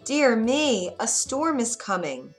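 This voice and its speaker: Woman voicing old father, worried, pleading, higher and louder than the narration, storybook. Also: very animated, measured pace, soft background music. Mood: flustered. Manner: anxious, pleading. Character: worried elderly father, gentle and fretful.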